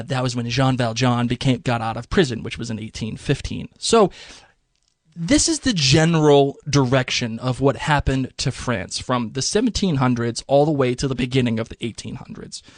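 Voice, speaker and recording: A man's voice: mid-range voice, dry recording, clean studio sound. A man co-hosting a podcast, explaining history in a casual, chatty way. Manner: chatty, lively, slips into mock voices for laughs. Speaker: podcast co-host.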